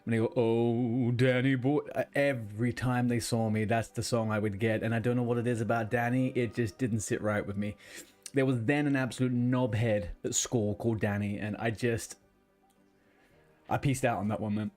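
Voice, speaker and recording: A man's voice: medium pitch, fairly even intonation, normal speed, a little mellow, faint music behind. A man streaming a game, chatting casually and rambling between tasks, swearing now and then. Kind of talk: casual gaming chat.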